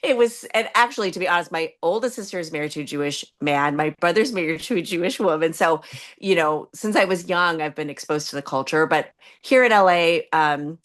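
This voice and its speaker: Chatty woman with a lowish voice. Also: a little fast, fairly bright tone. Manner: chatty, friendly, laughs between phrases. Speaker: chef, interview guest. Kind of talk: casual conversational interview.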